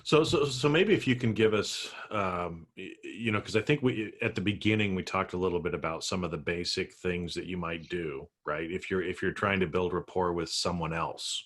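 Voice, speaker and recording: A man with a low voice and a bright, forceful tone hosts a podcast in casual chat. He rambles through his questions and laughs easily. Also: normal speed, few pauses. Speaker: podcast host.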